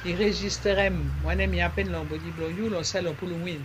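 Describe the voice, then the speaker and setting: High-voiced man. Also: steady tone, heavy background noise. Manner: halting, repeats words, slips into French. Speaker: interviewee. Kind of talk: conversational explaining.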